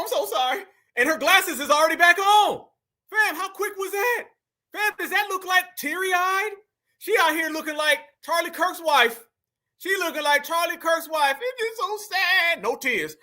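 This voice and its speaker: High, bright-voiced emphatic male host. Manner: emphatic and preachy, keeps calling the audience fam. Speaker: commentary host. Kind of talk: reaction commentary.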